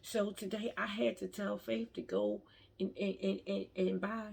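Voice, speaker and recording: Husky, gravelly-voiced woman sharing her faith. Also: medium pitch, little pitch movement, a little slow, darkish tone. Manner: emotional, heartfelt, stammering restarts. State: tearful at times. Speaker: vlogger. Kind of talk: personal faith vlog.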